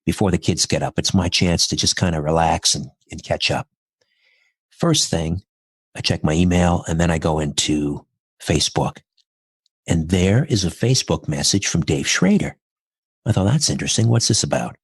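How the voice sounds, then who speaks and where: Deep, husky-voiced man telling a story. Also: moderate pace, no room sound, clean studio sound. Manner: earnest, reflective, recounting events step by step. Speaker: podcast guest. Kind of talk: personal storytelling in conversation.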